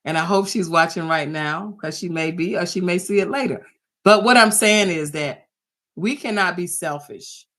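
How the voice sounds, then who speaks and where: A woman's voice: fairly low pitch, normal speed, a bit bright. A woman coaching small business sellers in a motivational talk. She speaks emphatically, repeats her points and checks in with "okay?", and she tells stories in which she acts out the voices of the people in them. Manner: emphatic and repetitive, drives points home with "okay?"; storytelling, acts out quoted voices.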